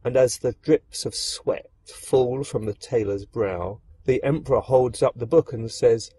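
A man narrating a dark fairy tale, expressive and speaking directly to the listener. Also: mid-range voice, a little slow, hardly any pauses, a little hiss or hum. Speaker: storyteller. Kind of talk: dramatic storytelling narration.

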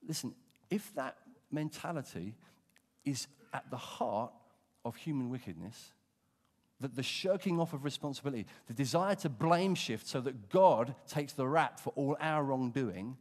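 A middle-aged British man preaches in a church with a lively, swooping delivery. He drops to hushed asides and then drives his points home with emphasis. His voice carries the long reverb of the hall. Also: medium pitch. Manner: expressive, dramatic, swings from hushed to emphatic. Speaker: pastor. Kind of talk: sermon.

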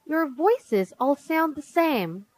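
A woman's voice: fairly high pitch, very animated, slow, no echo, exaggerated voice, rough recording. A woman voicing a bossy, demanding little girl in a storybook reading. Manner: insistent, complaining, bossy.

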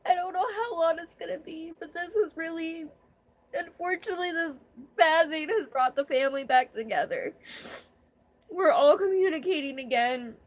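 A woman's voice: very high-pitched, normal speed. A young woman vlogger talking candidly in a rambling, emotional way during her first live stream. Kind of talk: casual live-stream chat.

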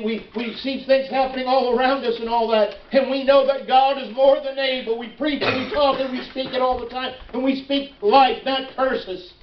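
High-voiced preaching pastor in a roomy church. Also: male voice. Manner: impassioned preaching, voice climbing high when pleading in prayer. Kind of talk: sermon. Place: church sanctuary. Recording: roomy, distant, dull church recording.

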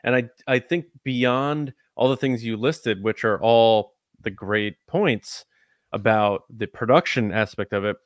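A man's voice: medium pitch, measured pace, dry recording, clean studio sound. Rambling man podcast co-host. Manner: rambling, many likes and restarts. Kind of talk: casual chat.

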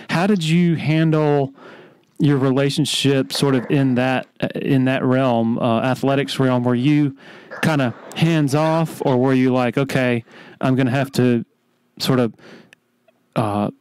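A man hosting a podcast, asking questions in a halting, searching way. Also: medium pitch, darkish tone, clean tone, rough recording. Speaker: podcast host. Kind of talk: casual interview.

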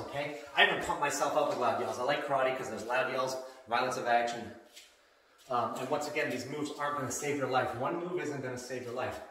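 A man's voice: medium pitch, sharp tone, slight background noise. A middle-aged man teaching self-defense in a blunt, emphatic way, ending his points with "okay?". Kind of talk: instructional workout video. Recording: very echoey room, mic far off.

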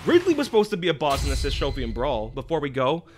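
A young man reacting live to a video announcement, excitable and prone to shouting in disbelief. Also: fairly high pitch, fast. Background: music from the video.

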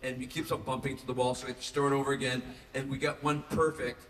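A man's voice: medium pitch, fast talker. A man on a convention panel, telling stories and chuckling. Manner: animated storyteller, chuckling. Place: large convention hall. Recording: echoey hall, distant mic, some noise.

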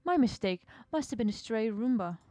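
A woman's voice: on the high side, lively intonation, normal speed, warm tone, no echo, lightly acted. A woman reading as a taunting sea monster. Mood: gloating. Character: sinister taunting sea monster, cruel and mocking. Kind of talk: reading a game's dialogue aloud.

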